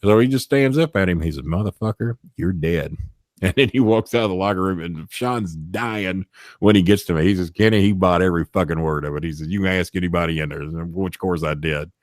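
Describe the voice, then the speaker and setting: A man's voice: sits low, a little fast, dry recording, studio quality. A man telling a profane backstage story in casual chat, acting out the people he quotes in shifting voices. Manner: acts out quotes in shifting voices, swears often. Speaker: storyteller guest.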